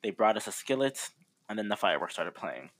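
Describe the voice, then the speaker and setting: A man on a casual podcast telling a story with jokes and animation. His voice sits fairly low. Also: sing-song, a little fast, a bit bright. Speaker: podcast co-host.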